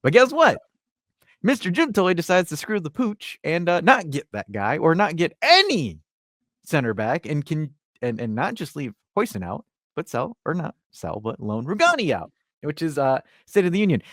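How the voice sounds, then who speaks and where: A man's voice: on the high side, big pitch swings, moderate pace, fairly bright tone, no echo, studio quality. Sarcastic, ranting man on a podcast. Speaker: podcast host. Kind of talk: casual sports podcast chat.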